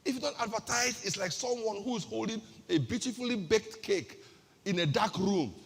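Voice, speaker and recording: A woman's voice: mid-range voice, normal speed, breathy edge, in a large hall. A woman pastor with a Nigerian accent giving an emphatic sermon-style talk, firing off rhetorical questions and repeating her key phrases.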